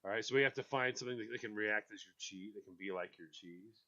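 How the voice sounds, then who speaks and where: A man hosting a casual radio talk show, chatty and animated, acting out little quotes in funny voices. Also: on the low side, fast talker, dull audio.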